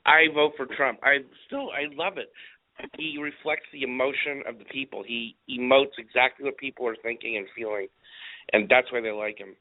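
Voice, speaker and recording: A man's voice: mid-range voice, fairly even intonation, moderate pace. Rambling man on tinny talk radio. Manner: rambling, emphatic, repeats himself. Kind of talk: casual political talk radio. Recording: narrow phone-like radio sound.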